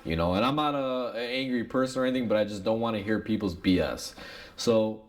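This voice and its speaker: A man talks through a story from the repair shop in a loose, conversational way. His voice sits a bit low, and he keeps dropping in fillers and little asides to the viewers as he goes. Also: brisk. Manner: rambling, filler-heavy, addresses viewers as "guys". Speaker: auto mechanic sharing shop stories. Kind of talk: casual storytelling to camera.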